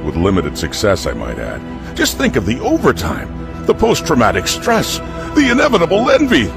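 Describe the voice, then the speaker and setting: A man's voice: wildly swooping pitch, moderate pace, vocal fry. A man reading a mock-dramatic scripted segment for a podcast, theatrical in delivery. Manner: theatrical, swinging from low to high. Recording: over background music.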